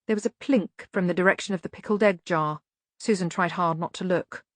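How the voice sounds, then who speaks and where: A woman's voice: lowish voice, a little fast, no echo. Woman narrating an audiobook, dry sound.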